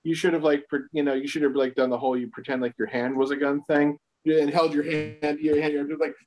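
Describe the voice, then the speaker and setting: A man's voice: a little high, level tone, quick pace, darkish tone. A man chatting casually on a podcast, joking and restarting his sentences. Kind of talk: casual chat.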